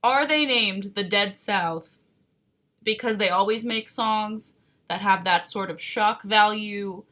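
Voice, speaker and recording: A woman's voice: medium pitch, slow pace, pushed and bright. A woman streamer chatting casually as she reacts to music, giggling often and full of questions.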